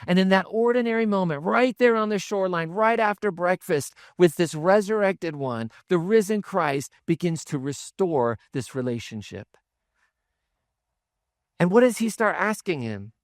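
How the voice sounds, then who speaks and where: A man's voice: high-pitched, lively intonation, moderate pace, no echo, clean studio sound. A man preaching a sermon as a pastor, telling the stories in a conversational way with asides. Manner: conversational storytelling with asides and chuckles.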